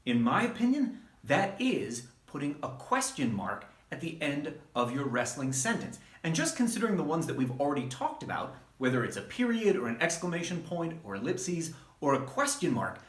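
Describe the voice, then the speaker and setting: Male wrestling coach, mid-high voice with animated pitch, teaching in an echoey room. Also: moderate pace, hardly any pauses. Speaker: wrestling trainer. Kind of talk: instructional talk to camera. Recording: roomy echo.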